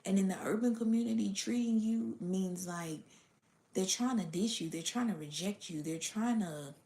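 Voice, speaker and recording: A woman's voice: medium pitch, moderate pace, gravelly, warm tone. A woman giving a casual spiritual reading to her audience, blunt and profane, sometimes dropping to a whisper. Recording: roomy echo.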